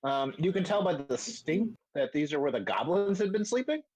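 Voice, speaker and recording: A man's voice: on the high side, very animated, moderate pace, a little mellow, poor audio. A man narrating as game master of a tabletop game, casual and hesitant with frequent fillers. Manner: casual, hesitant with many ums.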